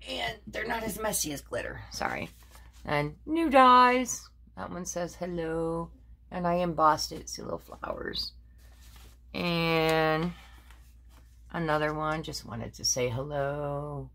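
Low-voiced rambling crafter, lively pitch. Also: female voice, takes it slowly, vocal fry. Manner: rambling, with many fillers and self-corrections. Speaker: crafting vlogger. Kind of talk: casual show-and-tell chat.

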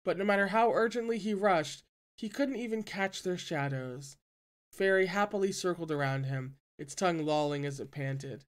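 A reader narrating a novel aloud in an even, steady way, with quiet asides between chapters. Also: mid-range voice, normal speed. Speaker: audiobook reader.

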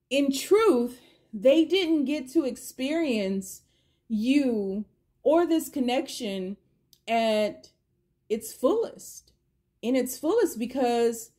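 A middle-aged woman with a high, mellow voice does a collective tarot reading, thinking aloud as she pulls cards and putting the same questions to the universe over and over.

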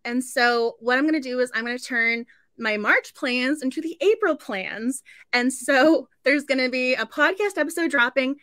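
A woman hosts a book club stream in a chatty, effusive way, laughing often. Her voice sits high and sounds bright and sharp. The sound is close and dry, with no room around it. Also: normal speed, dry recording. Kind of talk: casual live-stream chat.

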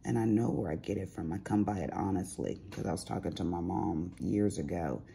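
A woman's voice: a bass voice, a little fast, gravelly, mellow, a little hiss or hum. A middle-aged woman chatting casually while crafting at home, telling sassy stories with big swings in her voice. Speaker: crafting vlogger.

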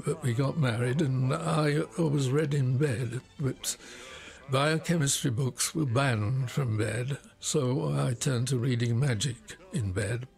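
A man in his nineties recalling his life in an unhurried interview, often pausing with "uh". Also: mid-range voice, creaky, a little mellow, faint music behind. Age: 90s. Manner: unhurried storytelling, frequent pauses with "uh". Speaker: interviewee, retired scientist and magician. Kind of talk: reminiscing interview.

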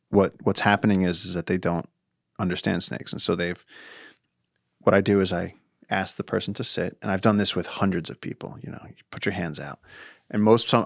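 A low-pitched man tells stories on a podcast, his gravelly voice sitting close and dry on the mic. He acts out the people in his stories with lively energy and swears casually. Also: no echo. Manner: animated storyteller acting out quotes, swears casually. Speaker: podcast guest, wildlife conservationist. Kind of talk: casual storytelling chat.

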